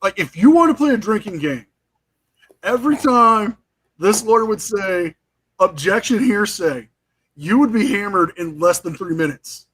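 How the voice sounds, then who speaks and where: A man hosts a casual live stream, telling stories with lively energy. His voice sits high and sounds husky. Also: moderate pace. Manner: animated storytelling, retelling trial moments. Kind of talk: casual chat.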